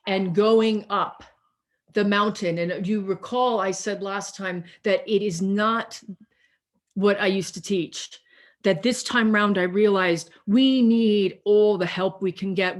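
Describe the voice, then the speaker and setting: With a mid-range voice, the woman pastor gives her sermon on a video call, repeating herself deliberately and lingering on key phrases for emphasis.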